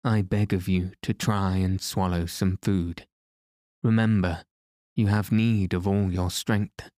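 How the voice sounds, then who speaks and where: Guy reading as formal courteous english gent, low slow voice, dry sound. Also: fairly even intonation, dark tone, no room sound. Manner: formal, old-fashioned courtesy. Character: courteous English gentleman posing as lackey.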